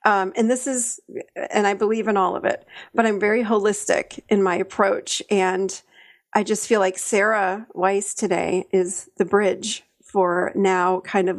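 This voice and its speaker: A woman co-hosting a podcast, talking excitedly and rambling a little, with frequent "um" fillers as she introduces a guest. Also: mid-range voice. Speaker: podcast co-host. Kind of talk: podcast conversation.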